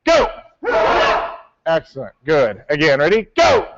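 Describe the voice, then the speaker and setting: A man's voice: a little high, huge pitch swings, measured pace, muffled recording, very noisy. A male martial arts instructor teaching a class, calling out counts and coaching his students. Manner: barks counts, coaching and correcting.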